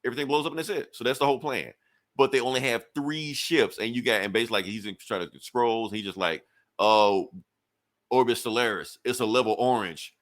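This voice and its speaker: A man's voice: mid-range voice, fast, a bit bright. A man co-hosting a podcast, loosely recapping a comic book in casual, rambling talk full of fillers. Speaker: podcast co-host.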